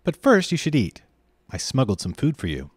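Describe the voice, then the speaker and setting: A man's voice: mid-range voice, wildly swooping pitch, moderate pace, slightly rough, dry recording, voice pushed up. A man voicing an earnest, reassuring boy. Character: earnest, steady, kind young boy.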